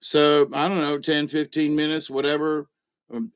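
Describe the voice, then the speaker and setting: A man's voice: a little high, flat delivery, moderate pace, no echo. Dry-sounding man telling a rambling story. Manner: rambling, chuckling, acts out other voices. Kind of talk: casual comic storytelling. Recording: dull lo-fi dry recording.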